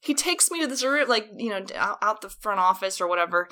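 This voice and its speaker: A woman's voice: mid-range voice, lively intonation, quick pace, pushed and bright. A young woman telling a long personal story in casual chat, rambling with many fillers. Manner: rambling anecdote full of fillers, acts out quotes.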